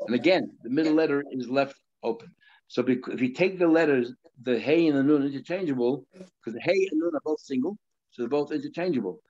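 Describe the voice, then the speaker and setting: A man's voice: mid-range voice, fairly quick, darkish tone. A male rabbi giving a Talmud lesson, explaining terms step by step in a conversational way. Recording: slightly dull lo-fi audio.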